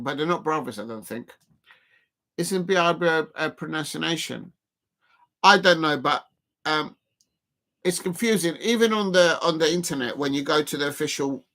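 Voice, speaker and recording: A streamer talks through a football match live for viewers, drifting between loose chat and quick corrections. The voice sits at a middling pitch, full of ums and laughs. It jumps into loud excited cries whenever a goal nearly goes in. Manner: rambling and self-correcting, full of fillers and laughs; bursts into excited shouts at near misses. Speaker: football watch-along streamer. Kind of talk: casual live watch-along commentary.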